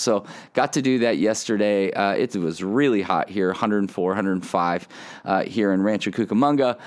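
A man hosting a casual devotional podcast from his front porch, earnest and reflective in a conversational way. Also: fairly low pitch. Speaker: podcast host.

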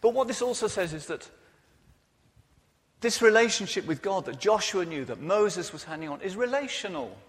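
A male preacher delivers an earnest, personal sermon, his fairly high voice rising and falling freely. The sound carries the long, ringing reverb of a church hall. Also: lively intonation, moderate pace.

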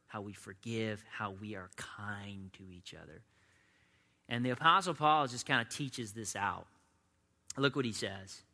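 A man's voice: mid-range voice, pushed and bright, big-room sound. A man preaching a conversational sermon as a pastor, often slipping into imagined voices of his listeners. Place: church sanctuary.

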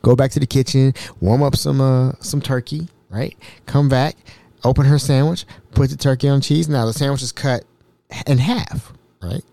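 A man hosting a podcast, telling stories in an animated, repetitive, exasperated way. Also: medium pitch, moderate pace, vocal fry, no echo. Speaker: podcast host. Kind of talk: casual storytelling.

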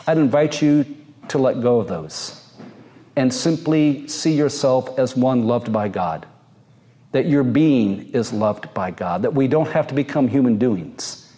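A man, a pastor, preaching a sermon in a slow, gentle and earnest way, with drawn-out pauses. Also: mid-range voice.

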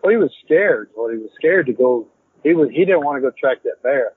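A man, a hunter and podcast guest, telling a story in a rambling, animated way and repeating "I said" as he acts out the dialogue. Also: medium pitch, fairly quick, slightly rough, no room sound. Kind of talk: casual storytelling. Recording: tinny phone-like, dry.

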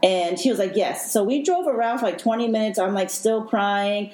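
A woman hosting a podcast who tells her own story in an emotional, halting way with many fillers. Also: medium pitch, darkish tone. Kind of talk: personal storytelling. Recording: echoey room.

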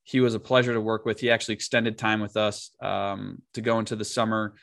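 A man's voice: on the low side, little pitch movement, a little fast, creaky, fairly bright tone, no echo, clean studio sound. A man co-hosting a podcast, telling casual stories and often laughing as he talks. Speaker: podcast co-host. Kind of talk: casual chat.

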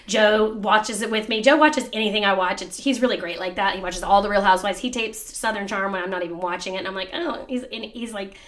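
A middle-aged woman co-hosting a podcast, chatting and gushing with quick asides. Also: mid-range voice, fairly bright tone. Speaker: podcast co-host. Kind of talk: casual chat.

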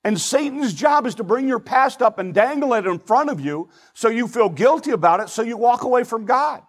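An older man preaching a sermon as pastor, earnest and pleading, swinging between loud emphasis and hushed asides. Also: very high-pitched, lively intonation, a little fast, poor audio.

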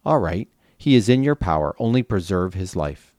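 God as a commanding male figure, speaking with calm authority, as a man reads him. The voice is low and the delivery is steady and measured. The sound is dry. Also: dry recording. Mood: stern.

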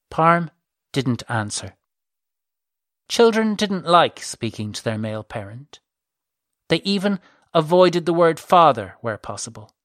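A narrator reading a novel aloud in a measured, even way. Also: medium pitch, no room sound, clean studio sound. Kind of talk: scripted audiobook narration.

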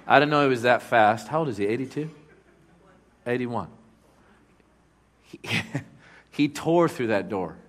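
A man preaching as a guest speaker in a church. He tells a story with lots of animation, chuckles often, and breaks into loud bursts. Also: medium pitch, expressive, unhurried, pauses often. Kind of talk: storytelling sermon.

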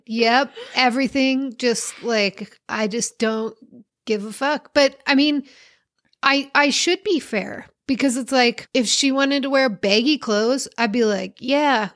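A woman's voice: fairly high pitch, measured pace, fairly bright tone. A woman in her thirties co-hosting a casual podcast chat, talking emphatically and heatedly and swearing often. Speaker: podcast co-host.

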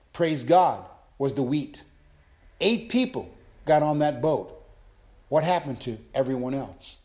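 An older man preaching an impassioned sermon as a pastor, dropping to low asides and rising to loud, high calls.

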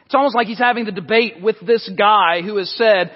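A male pastor preaching an expository sermon in a church, his voice sitting high. He talks conversationally, restarting phrases and adding asides. The recording is dull and lingers in a long sanctuary reverb. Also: fairly quick, hardly any pauses.

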